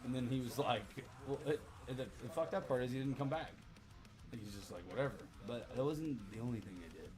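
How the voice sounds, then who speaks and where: A man in his thirties hosting a livestream, telling a story in a loose, profane, animated way. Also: medium pitch, fairly quick, over music. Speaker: livestream host. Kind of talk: casual storytelling to a live chat.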